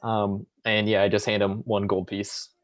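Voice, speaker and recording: A man playing in a tabletop game, speaking in a polite, hesitant, halting way. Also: lowish voice, completely flat delivery. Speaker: player. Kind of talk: tabletop role-play.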